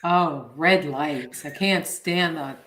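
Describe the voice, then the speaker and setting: A woman's voice: low-pitched, slow pace, fairly bright tone, roomy sound. A middle-aged woman co-hosting a podcast, chatting casually with dry, laid-back humor. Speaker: podcast co-host. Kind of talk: casual chat.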